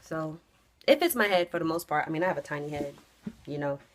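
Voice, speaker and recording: A young woman vlogging to camera, telling a story in a casual, animated way that jumps into loud, high re-enactments and drops to hushed asides. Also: a little fast. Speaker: trucking vlogger.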